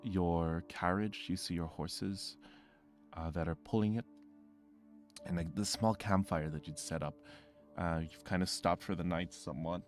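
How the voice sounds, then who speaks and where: A man's voice: sits low, fairly even intonation, unhurried, soft background music. A man narrating a tabletop game as game master, rambling with fillers and self-corrections.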